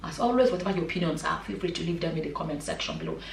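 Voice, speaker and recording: A woman's voice: deep voice, expressive, rapid-fire, creaky, a little hiss or hum. A woman vlogger and mother giving her opinion in a passionate, emphatic way, repeating points for stress. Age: adult, a mother. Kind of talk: opinion vlog commentary. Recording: echoey room, mic at a distance.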